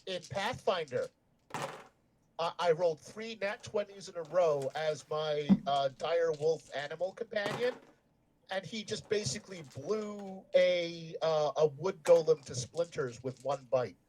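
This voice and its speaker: A man's voice: on the high side, unhurried, darkish tone, a little hiss or hum. Eager chatty man at the game table. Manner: eager, chatty about dice rolls. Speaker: player. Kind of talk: casual tabletop game chat.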